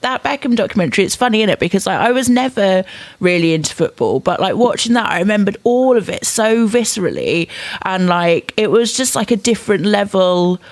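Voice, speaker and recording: Podcast host guy, pretty high voice, asks lots of questions, dry close sound. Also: expressive, fairly quick, no echo. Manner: chatty, curious questions. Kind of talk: casual chat.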